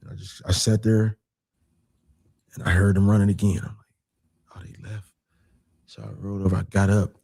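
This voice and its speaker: Man, gravelly, husky, mellow tone, dry close sound, casual storytelling, acts out quotes. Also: lowish voice, moderate pace, pauses often, no echo. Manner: animated, acts out quoted voices, repeats phrases. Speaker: guest telling a personal story.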